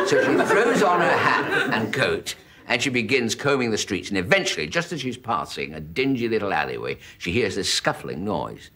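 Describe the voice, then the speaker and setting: A British comedian spins a rambling comic monologue and keeps chuckling at his own lines. His voice is slightly low but lively and bouncy. Loud audience noise runs under the live taping. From Britain.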